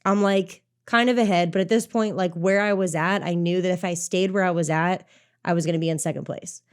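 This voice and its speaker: A young adult woman, a racer and coach, telling an animated race story in casual podcast chat, swearing freely and saying "like" a lot. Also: fairly low pitch, brisk, clean tone. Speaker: obstacle course racer and coach.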